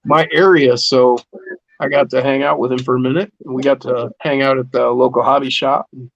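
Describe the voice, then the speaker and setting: A man's voice: medium pitch, steady tone, brisk, vocal fry, muffled recording. A man hosting a casual live stream chat with friends, joking and laughing often.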